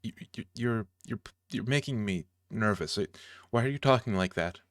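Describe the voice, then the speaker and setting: A man's voice: on the low side, normal speed, dry recording, clean studio sound, lightly acted. A man voicing a nervous male dwarf librarian who stammers and rambles anxiously.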